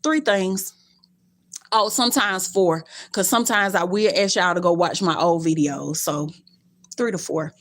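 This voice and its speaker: A young adult woman live-streaming to her viewers, telling stories animatedly, cussing bluntly and jumping in pitch. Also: a little slow, a bit bright.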